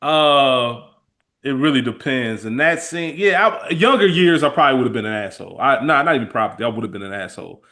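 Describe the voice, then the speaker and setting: A man's voice: medium pitch, brisk. Chill guy on a podcast, easygoing slangy talk, mid voice. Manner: laid-back, slangy, lively retelling. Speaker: podcast co-host. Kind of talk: casual chat.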